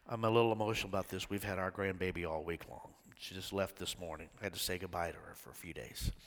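An older man pastor delivers a Sunday sermon in a bright, forward voice, his words echoing with a long church-hall reverb. He surges to loud shouts and drops to hushed whispers. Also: low voice, fairly quick. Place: church sanctuary.

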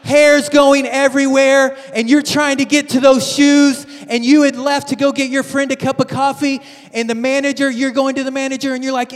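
A male pastor giving a sermon, telling stories in an animated way with frequent restarts. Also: extremely high pitch, normal speed. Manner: animated storytelling with many restarts. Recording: reverberant church hall.

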